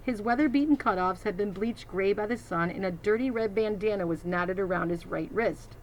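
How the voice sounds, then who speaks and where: A woman's voice: mid-range voice, normal speed, slight background noise, poor audio. A woman reading a children's novel aloud, adding teacherly asides to her listeners. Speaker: reader.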